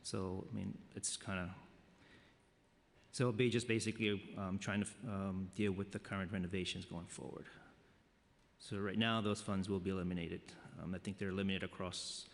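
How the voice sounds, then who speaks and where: A man's voice: sits low, flat delivery, normal speed, vocal fry. A man testifying at a budget hearing, hesitant and hedging, with many fillers. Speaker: city agency official testifying. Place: large council chamber. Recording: long chamber reverb.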